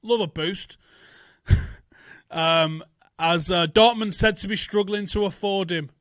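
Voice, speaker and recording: A man's voice: high voice, takes it slowly, fairly bright tone, dry recording. A young man, hosting casual football transfer talk, blunt, sweary and often incredulous. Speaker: football channel host.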